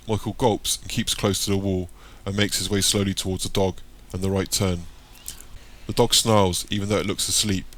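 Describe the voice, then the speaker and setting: Man, audiobook narration, low deep voice, steady reading.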